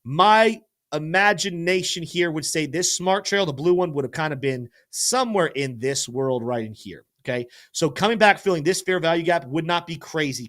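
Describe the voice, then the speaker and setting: On his live crypto stream, a man with a higher-leaning, fairly bright voice excitedly breaks down charts and responds to viewers in chat. He sometimes stumbles over names during the market commentary.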